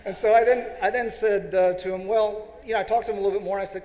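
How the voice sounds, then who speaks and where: A man's voice: high voice, quick pace, hardly any pauses, darkish tone. A man in his fifties, a panelist telling an anecdote with self-deprecating humor and acting out quoted dialogue. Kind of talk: storytelling talk on a panel. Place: lecture hall. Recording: echoey hall with long reverb.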